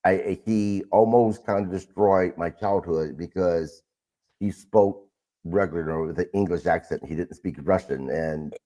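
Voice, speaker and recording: Low-voiced man hosting a wrestling podcast. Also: unhurried, mellow. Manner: loose, rambling questions. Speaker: podcast host. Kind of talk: casual interview.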